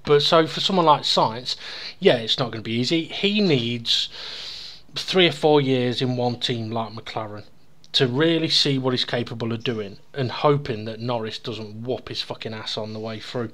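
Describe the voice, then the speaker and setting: A man's voice: mid-range voice, normal speed, a bit bright. A man hosting a casual podcast chat, rambling and sweary, with jokes. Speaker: podcast host.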